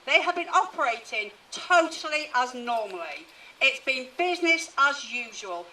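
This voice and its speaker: A woman's voice: high voice, lively intonation, normal speed, sharp tone, distant mic, slight background noise, poor audio. A woman NHS worker giving an indignant protest speech at an outdoor rally. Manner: indignant, rising to emphatic questions.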